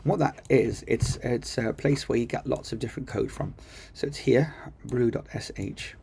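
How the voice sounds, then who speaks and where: Gravelly, husky man teaching coding. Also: mid-range voice, normal speed, darkish tone. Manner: chatty, enthusiastic, thinks aloud with ums. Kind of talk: casual screen-recorded tutorial. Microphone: computer mic while screen recording.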